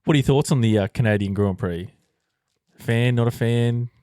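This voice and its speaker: A man's voice: mid-range voice, normal speed, dark tone, no echo, studio quality. A man co-hosting a podcast in casual chat, swearing freely and laughing often. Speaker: podcast co-host.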